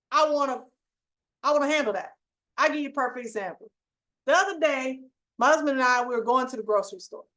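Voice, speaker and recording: A middle-aged woman hosting her channel, telling a story in an emphatic, animated, conversational way to make a preachy point to viewers. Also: high-pitched. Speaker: channel host.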